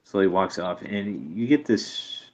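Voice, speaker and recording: Brief: low male game master, hesitant, filler-heavy narration. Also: lively intonation, a little mellow, dull audio. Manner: halting, many fillers.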